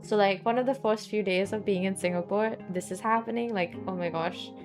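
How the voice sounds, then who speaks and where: A woman's voice: mid-range voice, a little fast. A young woman in her twenties with a Southeast Asian accent, rambling through stories in a casual chat while streaming a game. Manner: rambling, chatty storytelling full of "like". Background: faint background music.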